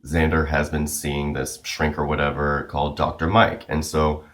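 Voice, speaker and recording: A man's voice: rumbling low, flat delivery, moderate pace, a bit bright. A man giving a casual, chatty recap as a comic book reviewer, loose and full of "like" and "you know".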